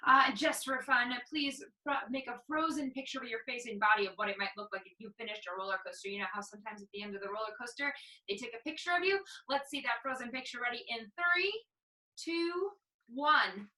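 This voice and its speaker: A woman teaching artist cheerfully guides a movement warm-up. Her voice is bright and ringing, picked up from a few steps away in an echoey room. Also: on the high side, fast, far from the mic. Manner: encouraging, upbeat instructions.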